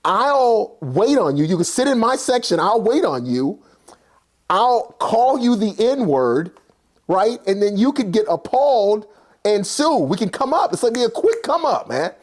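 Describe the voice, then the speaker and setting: A man voicing a scheming young male waiter who pitches an idea eagerly and pushily. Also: big pitch swings, measured pace, full character voice.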